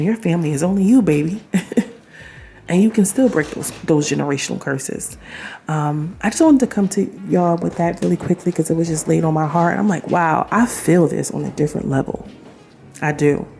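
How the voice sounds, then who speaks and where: Gravelly-voiced woman vlogging to her viewers. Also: on the low side, mellow, slight background noise. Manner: chatty, affirming, speaks straight to viewers with laughs and asides. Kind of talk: casual talk to camera.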